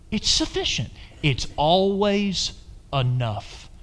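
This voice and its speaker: A male pastor preaching a sermon, emphatic, swinging between loud exhortation and quiet asides. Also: high-pitched, huge pitch swings, unhurried. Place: church sanctuary. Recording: long reverb of a large church hall.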